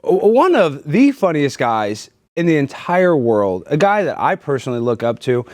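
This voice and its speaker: A male podcast host with an excitable, jokey manner who breaks into shouts and laughs, talking in a studio. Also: on the high side, normal speed. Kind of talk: loud comedic podcast banter.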